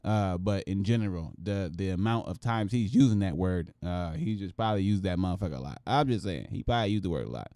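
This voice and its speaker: A man's voice: deep voice, lively intonation, fast talker, hardly any pauses, mellow, no room sound, clean studio sound. A man hosting a casual show where he reacts to news clips, with profane, joking rants. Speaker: show host.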